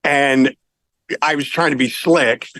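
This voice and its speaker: A middle-aged man, a rock singer, telling anecdotes in a casual interview, animated and laughing now and then. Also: mid-range voice, slow, no echo, rough recording.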